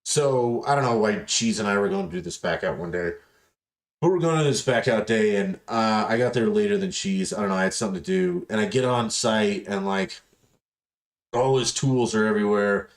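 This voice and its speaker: This podcast host speaks at normal speed in a lowish voice, casually telling stories that wander and swear. He gets animated, voicing the quotes of the people in them.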